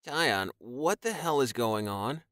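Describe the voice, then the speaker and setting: A man's voice: mid-range voice, lively intonation, slow pace, fairly bright tone, no echo, studio quality. A man narrating an audiobook, voicing a small, worried friend who presses with indignant questions. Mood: pressing. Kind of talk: audiobook character voice.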